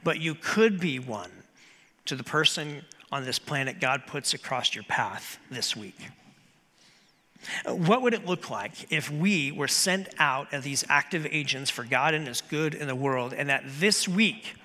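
A man preaching a sermon as pastor in a church, earnest and measured, with slow emphatic pauses. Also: fairly high pitch, expressive, sharp tone. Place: church sanctuary. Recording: long hall reverb.

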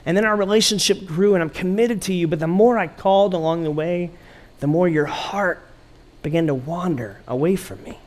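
A middle-aged pastor delivers a sermon in a high-pitched voice at a moderate pace. He's animated and playful as he tells stories, acting out the quotes.

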